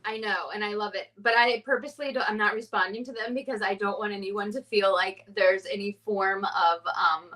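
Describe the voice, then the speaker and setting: A woman's voice: medium pitch, steady tone, a little fast, hardly any pauses, bright, forceful tone, recorded from a distance, poor audio. A woman co-hosting a podcast, chatting casually in a bubbly, giggly, gushing way. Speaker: podcast co-host. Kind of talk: casual chat.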